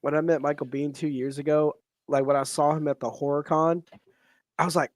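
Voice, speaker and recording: Lively higher-voiced man telling stories. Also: a little fast, no room sound, clean studio sound. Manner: animated storyteller, acts out quotes. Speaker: podcast co-host. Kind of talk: casual chat. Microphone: streaming podcast mic.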